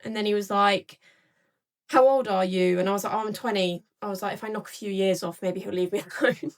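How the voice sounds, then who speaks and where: A woman's voice: medium pitch, flat delivery, fast. A young woman casually recounting an experience, with lots of filler words. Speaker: storyteller in a clip. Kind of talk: casual storytelling.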